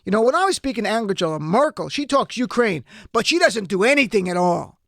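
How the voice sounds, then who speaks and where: Casual: guy doing a boastful blunt politician, kinda high, dry close mic. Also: big pitch swings, a little fast, gravelly, fairly bright tone, no room sound, heavily acted. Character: brash boastful male politician, middle-aged.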